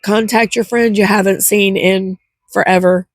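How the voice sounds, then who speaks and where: A woman's voice: mid-range voice, fairly even intonation, moderate pace, dry recording. An older woman chatting to camera from home in a rambling, heartfelt vlog. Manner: rambling, chatty, gets teary. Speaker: vlogger. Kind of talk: casual chat to camera.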